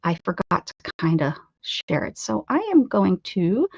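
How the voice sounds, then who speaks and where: A woman's voice: fairly low pitch, very animated, a little slow, creaky, a little mellow, husky, dry recording, highs cut off. A woman hosting a casual art livestream from her craft table at home, chatting with viewers and greeting them by name.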